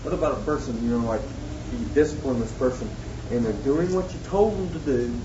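A man's voice: mid-range voice, fairly quick, noisy background. A man asking a hesitant question in a discussion, stumbling and repeating words as he thinks. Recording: roomy, distant, dull sound with faint ambience.

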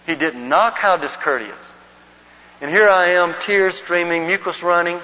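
High-pitched southern guy teaching at church, earnest storytelling, muffled echoey hall recording. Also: unhurried, sharp tone. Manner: earnest storytelling, leads group recitation. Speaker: evangelism teacher.

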